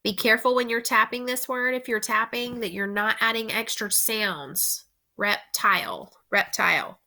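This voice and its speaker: A woman teacher slowly dictating a spelling test to young students, repeating each word with careful, deliberate instructions. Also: fairly high pitch, fairly even intonation, pushed and bright.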